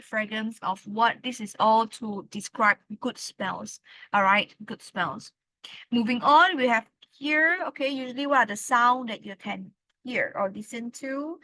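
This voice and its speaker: A woman's voice: fairly high pitch, sharp tone, dry recording, poor audio. A woman teaching an English lesson, explaining and repeating key words and saying "all right" often. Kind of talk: classroom lesson.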